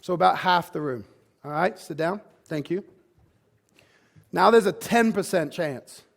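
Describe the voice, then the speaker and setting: A man's voice: sits high, animated, unhurried, creaky. A man giving a motivational presentation to a room of fitness trainers. He talks emphatically, with frequent "like" and restarts. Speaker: fitness business speaker. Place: conference room with live audience.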